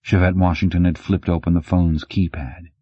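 Deep husky male audiobook narrator. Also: little pitch movement, moderate pace, dark tone, dry recording. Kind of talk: scripted narration. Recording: dull dry lo-fi sound.

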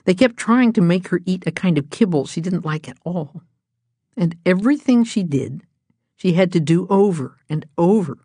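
A woman reading a storybook aloud in a gentle, even storytelling manner. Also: fairly low pitch, normal speed, slightly rough, no echo, studio quality. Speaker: narrator.

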